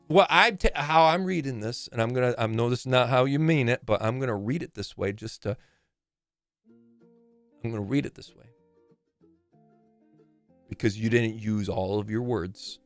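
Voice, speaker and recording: Smooth-voiced man in casual stream chat. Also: medium pitch, moderate pace, pauses often, dry recording, soft background music. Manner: rambling, profane, joking. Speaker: live game streamer.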